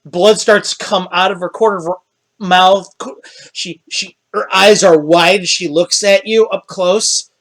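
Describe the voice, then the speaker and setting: A man running a tabletop game as game master, narrating scenes in a halting, descriptive way. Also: high voice, fairly even intonation, fairly bright tone. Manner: descriptive, halting, with restarts and quick laughs.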